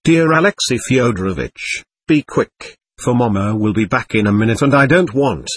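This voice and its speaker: A man's voice: mid-range voice, animated, normal speed, slightly rough. A man reading the part of an impetuous, imperious teenage girl who gives urgent, bossy orders. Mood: scolding.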